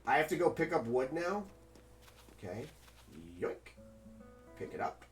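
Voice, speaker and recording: A male streamer chatting loosely with his viewers while he plays, rambling from one thought to the next. His voice sits a little high. Faint music runs quietly underneath. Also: animated, a little slow. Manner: rambling, chatty, talks to chat. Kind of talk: casual live-stream chat while gaming.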